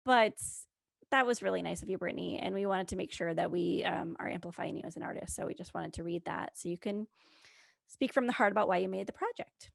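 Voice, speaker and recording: A woman's voice: fairly low pitch, a little fast, creaky, dry recording, clean studio sound. A woman co-hosting a filmmaking podcast, chatting casually in a supportive, playful way. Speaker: podcast co-host. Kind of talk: casual chat.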